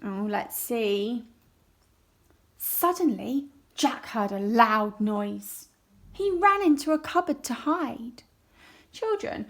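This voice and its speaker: A primary school teacher with a fairly high, expressive voice reads a story aloud to young children. She speaks slowly and clearly, stopping to ask them questions.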